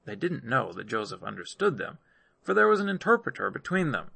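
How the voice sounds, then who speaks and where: A man reading scripture aloud in measured narration. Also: lowish voice, sing-song, gravelly, sharp tone, husky, no room sound. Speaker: scripture reader.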